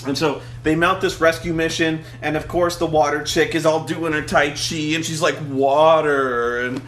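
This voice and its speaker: Young guy, high voice, sweary mocking movie rant, faint hum behind. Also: level tone, moderate pace, a bit bright. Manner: profane, mocking, acts out scenes in silly voices. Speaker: vlog co-host. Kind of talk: animated casual movie rant.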